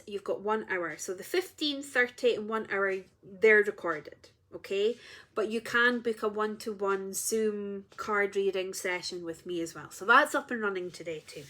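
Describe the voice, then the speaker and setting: A woman's voice: mid-range voice, pushed and bright. A woman, an energy healer, talking casually and earnestly to her viewers, rambling and interrupting herself. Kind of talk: casual spiritual vlog.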